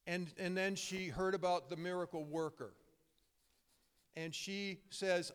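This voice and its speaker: A man's voice: high voice, fairly even intonation, unhurried, noisy background. A middle-aged man preaching a sermon, conversational and emphatic, telling stories with frequent restarts. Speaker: pastor. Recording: long hall reverb.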